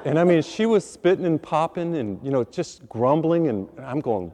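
A man, a priest, preaching a sermon as a lively, self-deprecating story, acting out his own reactions. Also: a little high, normal speed, a little hiss or hum. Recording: long hall reverb.

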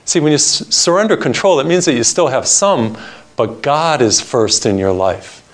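A man preaching a sermon, reading scripture and telling a joke, slowing down to stress his points. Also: mid-range voice, animated. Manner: storytelling, varied pace, emphatic slowing on key points.

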